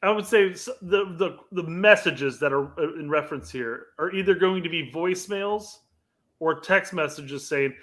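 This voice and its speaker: Male co-host, slightly high voice, halting and sarcastic. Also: a bit bright. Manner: halting, repeats words, sarcastic. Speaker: podcast co-host. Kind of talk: casual chat.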